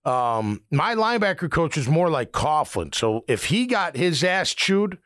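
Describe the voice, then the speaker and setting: A man's voice: fairly high pitch, unhurried, dry recording, studio quality. A middle-aged man, a former linebacker, hosting a sports radio show and telling locker-room stories with frequent laughter. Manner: storytelling, laughs often, animated. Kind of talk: casual sports talk.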